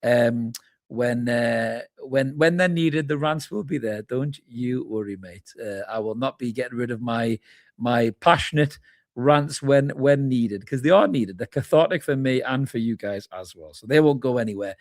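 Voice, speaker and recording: Reading viewers' comments aloud during a live match reaction, a fan channel host keeps things informal and calls everyone mate. He has a mid-range voice and a moderate pace, and the studio-quality recording carries no room sound.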